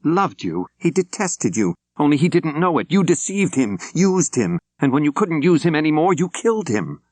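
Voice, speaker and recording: Man playing a furious jealous woman priest, shrill, loud, high. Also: very animated, moderate pace, no room sound. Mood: outraged. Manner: shrill, outraged.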